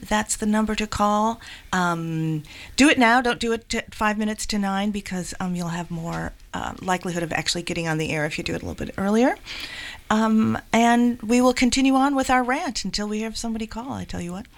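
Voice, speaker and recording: A woman co-hosts a community call-in radio show in a friendly, easy manner. She invites listeners to phone in and repeats the details slowly so they land. Her pitch sits in an ordinary middle range. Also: creaky. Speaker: radio co-host.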